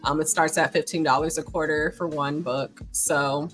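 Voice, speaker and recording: A woman's voice: sits low, fairly even intonation, normal speed, fairly bright tone, faint music behind, rough recording. A woman talking as a guest in a casual interview, earnest and thoughtful, with plenty of ums as she explains things. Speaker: guest, small business owner.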